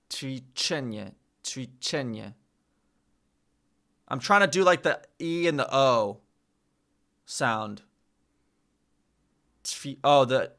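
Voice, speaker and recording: A man with a medium-pitched voice that sounds pushed and bright is live-streaming while he practises a language. He chats casually, reads the chat aloud, pokes fun at himself, and repeats sounds again and again.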